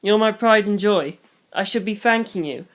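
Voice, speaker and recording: A reader voicing a gentle but firm middle-aged mother, speaking calmly and softly as she reassures. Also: mid-range voice, moderate pace, lightly acted. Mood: tender. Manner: calm, soft-spoken, reassuring. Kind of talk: storybook reading.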